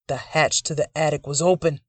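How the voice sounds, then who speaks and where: A storyteller voices a young, obsessive grandson in a dark short story. He denies everything in a firm, forceful voice. The sound is dry and close. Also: medium pitch, steady tone, brisk, no room sound, far from the mic, lightly acted. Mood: defiant. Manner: firm, loud denials.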